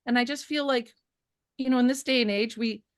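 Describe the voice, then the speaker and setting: A woman photographer, a guest on an interview show, telling stories in a casual, animated way with many fillers and restarts. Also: a little high, a little fast, no room sound, studio quality.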